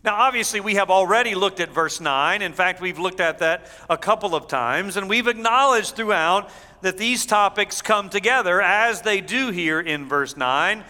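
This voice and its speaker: A man preaching a sermon as pastor, measured, going low and soft when he reads scripture. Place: church sanctuary. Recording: church hall reverb.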